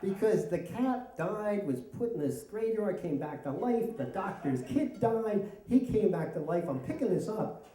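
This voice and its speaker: A middle-aged man tells a comic story live on stage, self-mocking and lively. His voice comes from a distance in an echoey hall. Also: sits high, measured pace. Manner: animated, self-mocking, laughing through lines. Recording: echoey hall, mic from far off.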